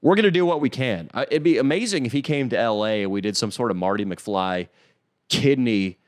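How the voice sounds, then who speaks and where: A man's voice: mid-range voice, brisk. A man co-hosting a podcast who riffs through playful comedic banter. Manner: playful, riffing. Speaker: podcast co-host.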